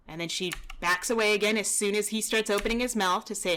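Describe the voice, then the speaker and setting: A woman's voice: mid-range voice, fairly quick, a little hiss or hum. Chatty woman dog trainer commenting on footage. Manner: relaxed, chatty, explaining with frequent "you know" and "kinda". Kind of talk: casual commentary over video footage.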